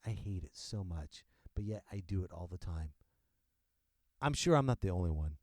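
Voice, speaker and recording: A man hosting a podcast, delivering an unscripted comedic rant in an animated, joking way and laughing often. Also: deep voice, normal speed, dry recording, clean studio sound. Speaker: podcast host. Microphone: close podcast microphone.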